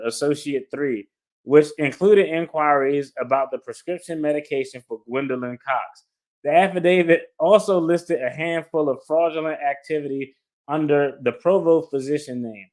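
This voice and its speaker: A man working as an attorney commentator, reading court documents aloud and breaking off into blunt, profane, incredulous asides. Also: on the high side.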